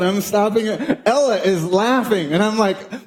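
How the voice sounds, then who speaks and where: A man in his thirties preaching a sermon as pastor, telling a family story with animated, acted-out quotes. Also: sits high, normal speed, hardly any pauses. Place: church auditorium.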